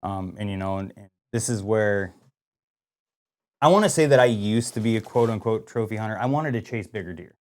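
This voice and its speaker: A man co-hosting a podcast, telling a hunting story in casual chat, animated and full of "like" and acted-out dialogue. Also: fairly low pitch, a little fast. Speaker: podcast co-host.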